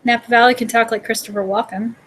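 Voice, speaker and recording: A woman with a Connecticut accent chats casually as a livestream host. Her voice sits on the higher side. She keeps dropping "like" and "totally" into almost every sentence. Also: steady tone, fast, fairly bright tone, low-quality recording. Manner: says "like" and "totally" constantly. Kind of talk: casual chat.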